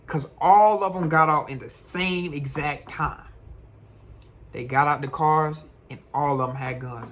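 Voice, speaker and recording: A young man, a vlogger, tells a personal story in an animated, slangy way. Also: fairly high pitch, measured pace, a little hiss or hum. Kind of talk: storytime vlog.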